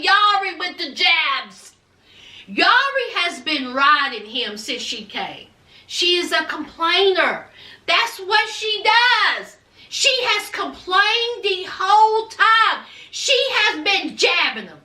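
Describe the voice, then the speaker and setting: A woman talks through a reality TV recap in an unhurried, sassy gossip style. Her voice sits very high and sounds bright. The recording is roomy, with her set back from the mic. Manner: sassy, animated storytelling with acted-out quotes. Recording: roomy echo, distant from mic.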